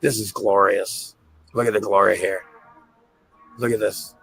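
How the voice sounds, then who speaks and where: A man with a low, gravelly voice and a bright, forceful edge gushes over pictures. He repeats his praise again and again and stumbles on his words. Soft music plays behind him. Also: steady tone, unhurried, poor audio. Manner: gushing, repeats himself, stammers. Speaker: host. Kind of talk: excited commentary over pictures.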